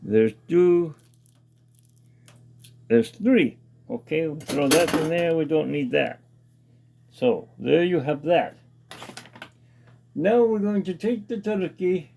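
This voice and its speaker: A man's voice: fairly high pitch, creaky, mellow, lo-fi sound. A man hosting his own casual cooking demonstration in a home kitchen, chatting and reading package steps aloud with comments. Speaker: home cooking show host.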